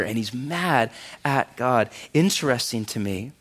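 A man preaching a sermon, animated and emphatic, asking his congregation questions and dropping quiet for serious points. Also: mid-range voice, measured pace. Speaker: pastor.

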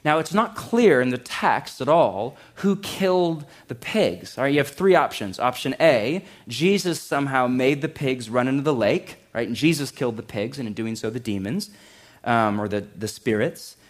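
A male pastor preaching a sermon in a relaxed, conversational way, joking and saying "like" a lot, to a live congregation in a church. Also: mid-range voice, moderate pace.

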